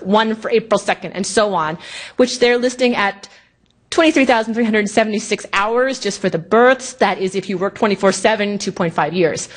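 A woman giving a lecture at a conference, animated and indignant, often mimicking officials in exaggerated voices. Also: mid-range voice.

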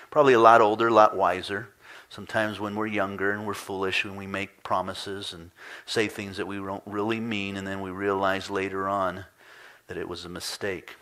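A man preaching a sermon as pastor, reading scripture dramatically, rising into pleading cries and dropping to quiet emphasis. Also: lowish voice. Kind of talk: expository sermon. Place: church sanctuary.

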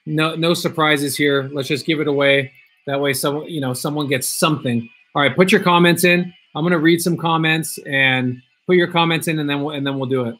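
A man's voice: on the high side, fairly bright tone. A man hosting a casual livestream, chatting loosely, reading viewer comments aloud and repeating himself. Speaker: livestream host opening card packs.

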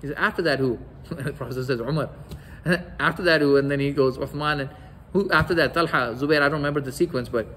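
A man's voice: on the high side, fairly quick, hardly any pauses, a bit bright, a little hiss or hum, poor audio. A man giving a religious lecture, telling stories and acting out the quoted dialogue. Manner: storytelling, acts out quoted dialogue.

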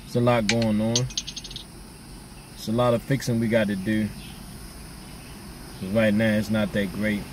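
A man's voice: on the low side, flat delivery, measured pace, pauses often, recorded from a distance. Laid-back man vlogger, casual slangy chat with viewers, a little off-mic, faint hum behind.

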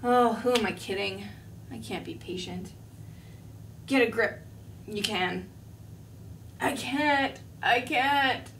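A woman's voice: fairly high pitch, slow, long pauses, fairly bright tone. A woman voicing an impatient, fretful little male caterpillar who sighs and gives himself pep talks, heard from a distant mic. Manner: sighing, self-pep-talking, whiny. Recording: distant mic, faint room noise.

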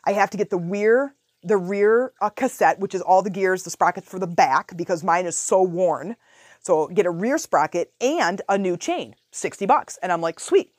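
A woman hosts a podcast and tells her own story in a chatty, animated way, often voicing her own thoughts. Her voice sits a little low. The sound is dry and close, with no room echo. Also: moderate pace. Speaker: podcast host. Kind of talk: casual storytelling monologue.

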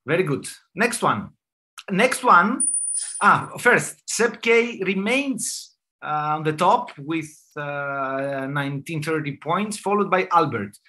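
A man's voice: fairly high pitch, animated, slow pace, bright, forceful tone. A man hosting a live online quiz for colleagues, playful and laughing between answers, heard over a video call. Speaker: quiz host and dermatologist.

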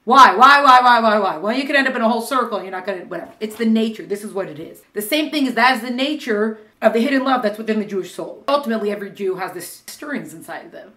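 A woman teaching a class on Jewish mysticism, talking conversationally and acting out questions in lively voices. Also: mid-range voice, reverberant. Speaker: Torah teacher.

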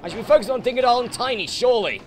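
A British man who hosts let's plays, giving excitable gameplay commentary full of swearing and frustrated outbursts. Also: very high-pitched, very fast, soft background music. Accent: British English. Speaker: let's play host.

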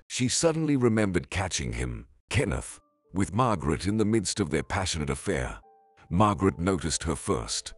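A man's voice: low voice, sing-song, normal speed, slightly rough, dry recording, studio quality. A man narrating a scripted drama story in a dramatic storytelling manner.

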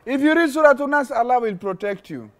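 A young man with an extremely high voice speaks fairly quickly as the host and religious teacher of an interactive children's lesson. He's animated, acting out little stories and prompting the kids to finish his sentences in call-and-response fashion.

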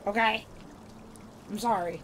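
A young woman streaming a life-sim game, joking loudly and swearing as she narrates her character's schemes. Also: medium pitch, fairly even intonation, a little slow, a little hiss or hum. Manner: loud, profane, jokey, voicing her character's lines. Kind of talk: casual gameplay commentary. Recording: game music playing loudly behind.

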